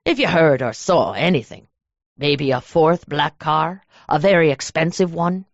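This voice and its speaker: A woman voicing a cold, menacing Irish mobster man with a deep, low, measured voice in an audiobook. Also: lively intonation, dry recording. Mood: probing. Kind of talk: audiobook character voice. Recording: dull lo-fi dry recording.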